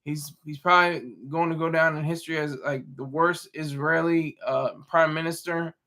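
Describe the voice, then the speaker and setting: A livestream host with a high, bright voice rambles casually off the cuff while reading and answering his chat. His tone stays steady, but his delivery halts often, with frequent restarts, doubled-back words, and mid-sentence self-corrections.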